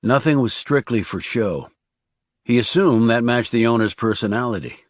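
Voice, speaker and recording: A man narrating a crime thriller audiobook in a measured, calm, understated reading. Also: mid-range voice, dry recording, clean studio sound. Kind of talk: scripted narration.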